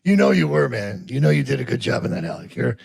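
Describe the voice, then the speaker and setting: Gravelly older guy, lively pitch, keeps restarting and saying man. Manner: halting, repeats himself, says "man" often. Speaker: guest actor. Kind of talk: casual interview chat.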